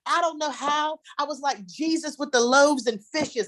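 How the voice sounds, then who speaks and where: A woman's voice: sits high, very animated, measured pace, fairly bright tone. A middle-aged woman doing a brash, profane, rambling stand-up set. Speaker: headlining comedian. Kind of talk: stand-up set on a video call.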